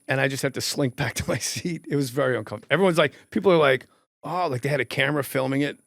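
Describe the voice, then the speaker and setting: A man's voice: mid-range voice, very fast, creaky, no room sound, clean studio sound. A man hosting a podcast, telling stories animatedly and with lots of swearing. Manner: animated, profane, acts out scenes. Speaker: podcast host. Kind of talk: comedic storytelling.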